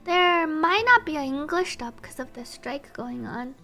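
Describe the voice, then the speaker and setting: A woman's voice: high-pitched, animated, a little slow, bright, forceful tone, soft background music. A woman VTuber streaming a game, chatting cheerfully, thanking viewers and reading story lines aloud. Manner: reads game dialogue aloud between chatty remarks; cheerful, thanks chat members. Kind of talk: casual game stream commentary.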